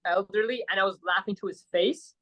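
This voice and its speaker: A little fast and high-voiced, this Saudi man comes through a muffled recording. As a podcast guest in a casual chat, he tells a meandering story packed with "like" and questions tagged with "right?".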